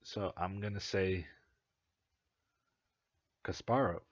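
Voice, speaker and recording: Speaking slowly in a deep voice, a young Norwegian man whose first language is Norwegian gives casual chess commentary on a stream. He hesitates and thinks aloud, using plenty of uhs and ums. The lo-fi recording has no echo.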